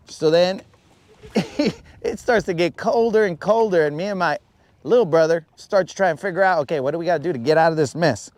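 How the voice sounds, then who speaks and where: A man hosting a fishing livestream, telling a long rambling story and acting out quotes in a higher voice. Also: moderate pace, darkish tone. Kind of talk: casual storytelling while fishing. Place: out on a lake, on a boat.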